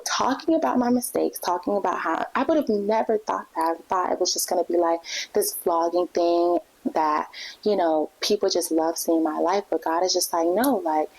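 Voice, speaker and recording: A young woman with a somewhat low voice talks as a podcast host, sharing her faith testimony. She speaks casually and earnestly, with lots of fillers and restarts. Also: vocal fry, darkish tone, rough recording.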